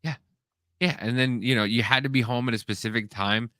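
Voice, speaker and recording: A man chatting casually on a podcast with a bright, forward tone. He tells stories animatedly and jumps into the voices of his family. The sound is dry and close, with little room in it. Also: medium pitch, fairly quick, dry recording. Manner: animated storyteller, acts out family members in raised voices. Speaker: podcast co-host. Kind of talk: casual chat.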